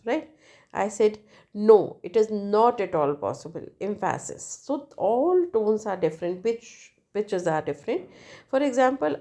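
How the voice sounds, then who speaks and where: A woman teacher explaining exam answers in a lively lecturing way, with many fillers and checks of "right?". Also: mid-range voice. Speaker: English teacher.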